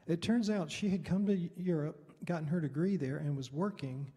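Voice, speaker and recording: A man's voice: on the high side, fairly quick, few pauses, mellow. A middle-aged man, a Baptist pastor, telling a mission story at a Bible study in a loose, rambling, conversational way. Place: church hall. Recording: reverberant hall.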